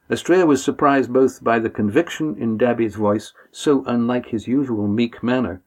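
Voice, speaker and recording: A man narrating an audiobook in a calm, even storytelling manner. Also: medium pitch, normal speed, few pauses. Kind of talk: scripted narration.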